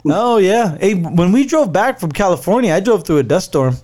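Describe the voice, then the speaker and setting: A man's voice: high-pitched, sing-song, normal speed, a little mellow. A man casually telling a rambling travel story, swearing freely, with lots of fillers and restarts, and laughing easily. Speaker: traveler recounting a work trip.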